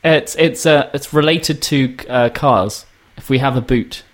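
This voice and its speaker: A man's voice: medium pitch, measured pace. Casting: British male podcast host, playful and joking, laughs easily, casual chat. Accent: British English. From England.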